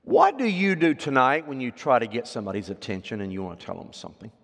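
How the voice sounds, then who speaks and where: A man preaching a sermon as pastor, swinging from loud, emphatic scripture readings to quiet asides and questions to the congregation. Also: mid-range voice, expressive, fast talker, creaky. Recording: long hall reverb.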